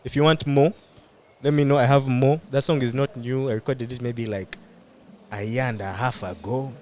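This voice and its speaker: A man co-hosting a podcast in relaxed, playful chat, laughing often. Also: medium pitch, normal speed, slight background noise. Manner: playful, laughs often, slips into sing-song bits. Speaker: podcast co-host. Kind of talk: casual chat.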